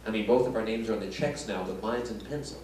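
Talking fast in a lowish voice, this Detroit comic-magician works a casino showroom crowd, cracking jokes and chatting with the audience. The distant mic catches an echoey live room full of crowd noise.

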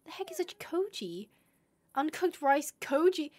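A woman's voice: high voice, big pitch swings, measured pace, darkish tone. A woman streaming a game live, talking to her viewers with big emotional swings from glum muttering to shrieking distress. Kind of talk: live gameplay commentary.

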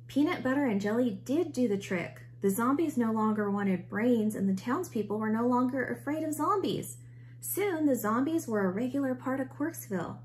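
A woman teacher reading a picture book aloud with expressive storytelling. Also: fairly high pitch, normal speed, slight background noise.

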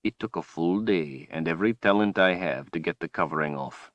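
A man voicing a cruel, menacing male tyrant wizard in an audiobook, speaking slowly and tauntingly. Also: low voice, no echo, dull audio, close to an everyday voice. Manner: slow, taunting, drawn-out delivery. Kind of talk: audiobook character voice.

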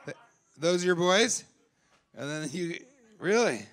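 A man doing improvised stand-up crowd work, teasing people in the audience, laughing often and shouting out punchlines. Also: sits high, animated, takes it slowly. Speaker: stand-up comedian. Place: live comedy club.

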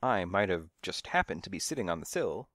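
A man's voice: low voice, big pitch swings, brisk, a bit bright, no room sound, clean studio sound, exaggerated voice. A man voicing a nosy, fussy old woman who scolds and gossips from her windowsill in a storybook reading. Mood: gossipy. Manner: fussy, scolding, hard of hearing.

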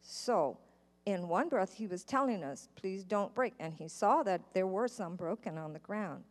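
A woman's voice: fairly low pitch, lively intonation, normal speed. A woman telling a story to children in church, speaking patiently and asking her listeners questions. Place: church sanctuary. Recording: church live stream with long hall reverb.

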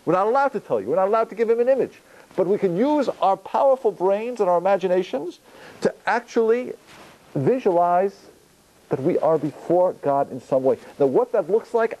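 A man, a rabbi, giving a Torah lecture on prayer, animated, posing questions and answering them himself. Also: high voice, fairly quick, rough recording. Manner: animated, gestures while talking, asks and answers own questions.

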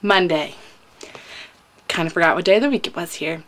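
Young woman, lowish voice, gushing, chatty, lots of "like", webcam at home. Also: very fast. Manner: gushing, excitable, rambling with frequent "like". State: teary from crying. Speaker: vlogger. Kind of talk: casual fan vlog. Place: indoors at home, hot room.

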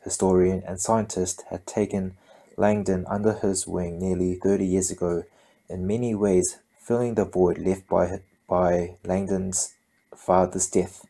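Deep-voiced man stumbling through a novel. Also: warm tone, slightly rough. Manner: stumbling, frequent self-corrections. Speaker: amateur audiobook reader. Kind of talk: reading a novel aloud.

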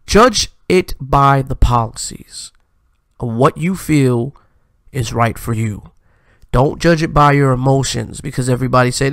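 This is a man hosting a commentary stream, and his voice has a gravelly, fry-laden edge. He speaks in a preachy, emphatic way, as if lecturing his audience. The sound is dry and close, with no room echo. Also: medium pitch, unhurried, a bit bright. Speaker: live-stream host. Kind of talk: commentary vlog.

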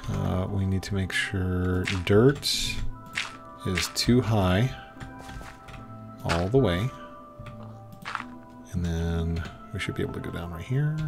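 A man's voice: deep voice, vocal fry. A man giving casual commentary while playing a block-building game, coaxing an animal along with frustrated, repeated commands. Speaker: gaming video creator.

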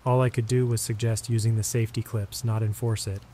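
A man narrating horror stories in a steady, measured, scripted delivery. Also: on the low side. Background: rain.

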